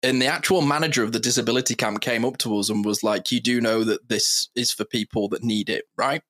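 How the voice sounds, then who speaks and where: A man's voice: medium pitch, steady tone, quick pace, fairly bright tone. Joking man in casual banter. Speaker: podcast co-host. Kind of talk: casual chat.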